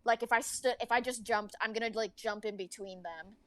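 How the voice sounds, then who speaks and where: A woman's voice: fairly high pitch, brisk, dry recording. A young woman playing in a tabletop game, talking casually with lots of "like". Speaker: player.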